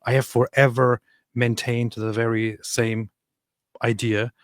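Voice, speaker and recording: A man's voice: mid-range voice, level tone, unhurried, no echo, clean studio sound. A man co-hosting a casual reaction stream, talking in exasperated, mocking complaints. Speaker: stream co-host.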